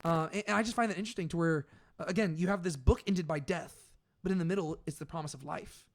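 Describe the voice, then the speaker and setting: Young male co-host, higher voice, chatty and animated in a casual scripture discussion. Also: quick pace. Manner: conversational, uses many "like"s, animated when paraphrasing. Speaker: podcast co-host. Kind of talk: casual Bible study discussion.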